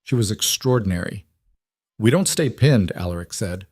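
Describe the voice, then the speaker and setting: A man reading a dramatic story aloud as narrator, steady and even, voicing the characters' lines himself. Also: lowish voice, normal speed, dry recording, clean studio sound. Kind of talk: scripted narration.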